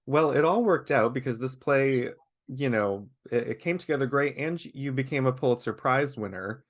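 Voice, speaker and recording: A man's voice: medium pitch, expressive, normal speed. A man hosting a webchat interview, asking questions in an upbeat, enthusiastic way. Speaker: interview host.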